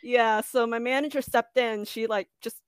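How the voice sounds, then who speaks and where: A young woman casually telling a story about a job, animated and acting out the people in it. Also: a little high, normal speed, smooth, dry recording. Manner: animated, acts out quoted voices. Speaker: podcast co-host.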